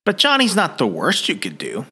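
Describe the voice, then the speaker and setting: A man's voice: a little high, huge pitch swings, moderate pace, sharp tone, slightly rough. A man co-hosting a podcast, chatting casually with dry, matter-of-fact remarks. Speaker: podcast co-host. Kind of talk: casual chat.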